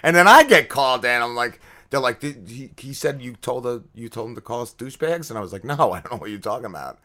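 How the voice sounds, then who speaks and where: A man talking on a podcast in loose, casual storytelling mode, mid-pitched and ordinary in tone. He curses freely and acts out what other people said with plenty of exasperation. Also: expressive, fast, sharp tone. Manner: profane, exasperated storyteller acting out quotes. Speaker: podcast host.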